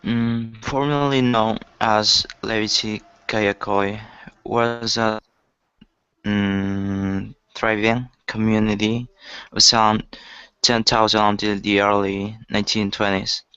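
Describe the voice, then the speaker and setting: Guy student reading out loud slow, stumbling, flat voice, muffled call. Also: fairly low pitch, clean tone, no echo. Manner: halting, stumbles over words. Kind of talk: reading aloud in class. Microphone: video call. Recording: dry muffled call audio.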